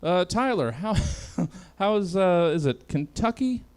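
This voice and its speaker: A man hosting a comedy panel show over a video call, laughing often between lines. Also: takes it slowly. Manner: laughs often, lively swings in pitch.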